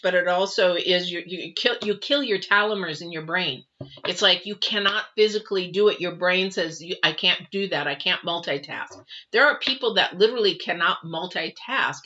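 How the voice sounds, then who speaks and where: A middle-aged woman hosts a live tarot reading in a bright, forward voice. She is earnest and repeats her points as she talks straight to the viewers. The livestream audio sounds slightly dull and lo-fi. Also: lowish voice. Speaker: tarot reader and livestream host.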